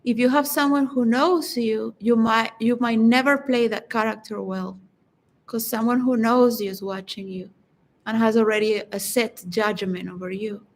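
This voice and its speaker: A woman's voice: on the high side, fairly even intonation, rough recording. Woman musing in a rambling monologue. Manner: rambling, halting with restarts. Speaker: vlogger. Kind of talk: reflective philosophical monologue.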